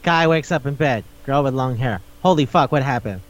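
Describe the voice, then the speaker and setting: A man's voice: mid-range voice, brisk, muffled recording. A man hosting a podcast in casual chat, rambling through a recap, swearing often and laughing as he talks. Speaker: podcast host.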